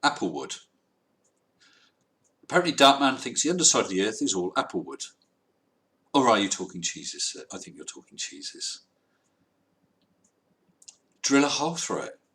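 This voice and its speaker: A man's voice: lowish voice, big pitch swings, moderate pace, long pauses, bright, forceful tone. A man hosting a live stream, chatting casually and wryly reading out viewer comments. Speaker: livestream host.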